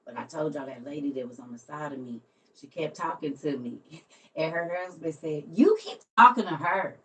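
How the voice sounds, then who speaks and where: Woman, livestream host, storytelling, lowish voice, set back from the mic. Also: normal speed, distant mic. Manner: animated, laughing often, swings from soft to loud.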